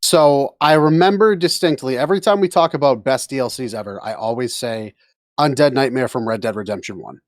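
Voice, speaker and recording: A man's voice: mid-range voice, fairly quick, dry recording, studio quality. A man co-hosting a podcast, talking emphatically and swearing freely. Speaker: podcast co-host. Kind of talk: casual podcast chat.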